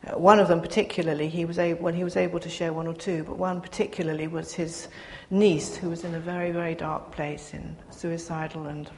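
An older woman giving a personal testimony to a gathering, speaking earnestly with pauses and restarts. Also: on the low side, flat delivery, darkish tone. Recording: reverberant hall, faint background noise.

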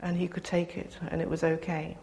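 Older lady sharing her story to a crowd, earnest and halting, lower voice, big echoey hall. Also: monotone, warm tone. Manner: earnest, halting, with pauses and restarts. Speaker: speaker sharing testimony. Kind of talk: personal testimony talk. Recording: reverberant hall, faint background noise.

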